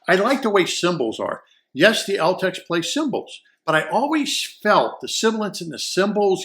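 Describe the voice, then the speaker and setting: A man's voice: sits high, sing-song, a little slow, sharp tone. A man giving a casual, enthusiastic audio gear review, rambling and repeating words as he searches for the right ones. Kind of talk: casual product review talk.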